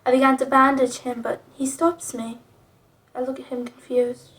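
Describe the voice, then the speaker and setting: A woman's voice: sits high, level tone, moderate pace, fairly bright tone. A young woman reading old fanfiction aloud with profane, snarky commentary. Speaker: video creator reading fanfiction.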